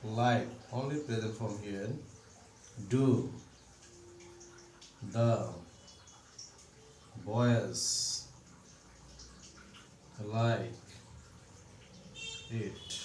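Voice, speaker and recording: A man's voice: on the low side, extremely slow, long pauses, darkish tone. A man teaching a grammar lesson, explaining step by step and repeating each example sentence. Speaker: English teacher. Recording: roomy, distant mic with faint background noise.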